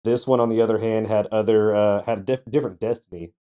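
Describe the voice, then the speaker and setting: Laid-back guy, kinda low and warm, chuckling through a podcast story. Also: fairly even intonation, quick pace, clear, resonant tone. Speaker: co-host. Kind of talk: casual chat.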